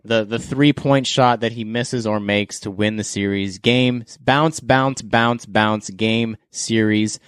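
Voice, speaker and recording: A man's voice: on the low side, steady tone, takes it slowly, few pauses, a bit bright, clear, resonant tone, dry recording, studio quality. A Canadian man hosting a podcast, running a playful guessing game in a teasing quizmaster manner. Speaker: podcast host. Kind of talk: casual game-show chat.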